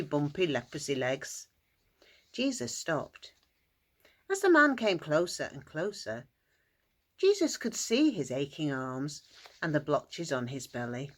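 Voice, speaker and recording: Slow, lively woman telling a children's story. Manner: expressive, shifts into squeaky character voices and shouts. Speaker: school assembly storyteller.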